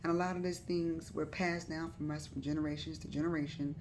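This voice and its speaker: Over some background noise, a low-voiced woman speaks briskly with fairly even intonation. Hosting a live stream, she offers viewers casual advice in a loose, chatty manner, often repeating herself and using fillers.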